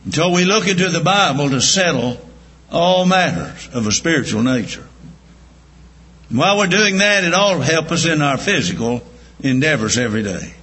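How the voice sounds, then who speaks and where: A man preaching a sermon, telling homespun stories and repeating his points slowly for emphasis. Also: on the high side, lively intonation, fairly bright tone. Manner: folksy, homespun storytelling with slow emphatic repetition. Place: church. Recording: echoey church room.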